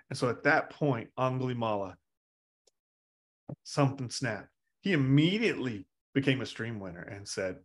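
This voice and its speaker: A man's voice: mid-range voice, lively intonation, normal speed. A male Zen teacher retelling a story in a casual dharma talk, rambling with hesitations and restarts.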